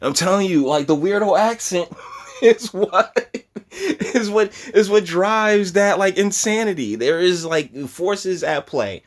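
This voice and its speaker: Animated rambling male commentator. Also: high voice, takes it slowly. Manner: animated, rambling, repeats words, laughs. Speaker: commentary channel host. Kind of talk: casual reaction commentary.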